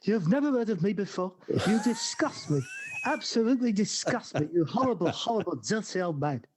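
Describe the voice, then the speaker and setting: A man's voice: high voice, animated, fairly quick, slight background noise, voice pushed up. A man doing an impression of a grumpy elderly sitcom father with a Cockney accent, nagging and scolding. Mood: disgusted.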